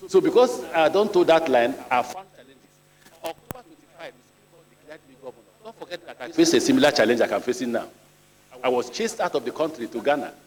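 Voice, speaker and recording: A middle-aged Nigerian man speaks at a formal hearing, measured and deliberate, and often drifts into personal stories. His voice sits at an ordinary pitch for a man. A large chamber gives it a long, trailing reverb. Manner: deliberate, measured, with storytelling asides. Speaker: ministerial nominee before a senate. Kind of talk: answering questions at a formal hearing.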